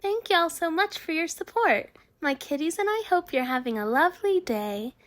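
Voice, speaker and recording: A woman's voice: extremely high pitch, expressive, moderate pace, no room sound, studio quality. A woman hosting a commentary channel, giving a chatty, friendly scripted intro to her video.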